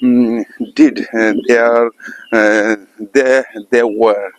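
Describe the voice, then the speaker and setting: Halting man with a Bengali accent. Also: mid-range voice, fairly even intonation, clear, resonant tone, poor audio. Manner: halting, many fillers and repeated restarts. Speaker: English learner vlogger. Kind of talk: casual monologue practicing spoken English.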